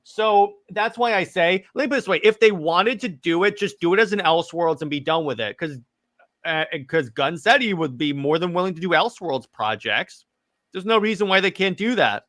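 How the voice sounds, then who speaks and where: A man co-hosting a podcast, talking excitedly in casual chat, rambling with lots of restarts and stammers. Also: high voice, fairly quick. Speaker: podcast co-host.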